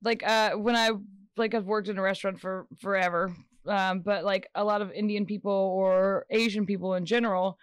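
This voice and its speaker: Smooth, dry-voiced woman chatting casually. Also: medium pitch, steady tone, moderate pace, no echo. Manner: chatty, many fillers and restarts. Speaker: podcast co-host. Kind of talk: casual chat.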